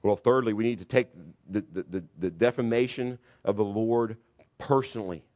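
A middle-aged man preaching a sermon, telling a personal story that swings from loud re-enacted shouting to quiet, confessional reflection. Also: fairly low pitch, normal speed, highs cut off. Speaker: pastor.

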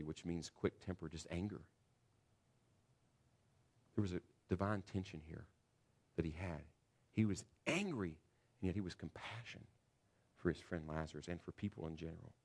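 A man preaching a sermon in a church, earnest and building to loud, emphatic passages. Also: deep voice. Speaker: pastor.

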